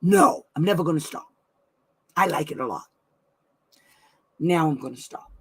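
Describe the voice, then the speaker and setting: A woman's voice: low-pitched, moderate pace, slightly rough. A middle-aged woman hosting a weekly live advice stream from home, chatting effusively and laughing often. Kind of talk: casual live-stream chat.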